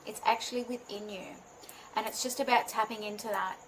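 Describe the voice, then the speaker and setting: A woman's voice: medium pitch, fairly even intonation, a little fast, slight background noise, low-quality recording. A woman who works as a spiritual healing mentor, chatting live to her viewers in a bubbly way and often laughing at herself. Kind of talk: live video chat to viewers.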